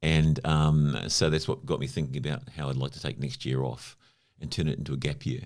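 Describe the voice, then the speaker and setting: Man in his fifties, from New Zealand, extremely low voice, chatty anecdotal guest, casual storytelling. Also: little pitch movement, fairly quick, darkish tone. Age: 50s. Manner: chatty anecdotal, lots of "you know" fillers. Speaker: podcast guest.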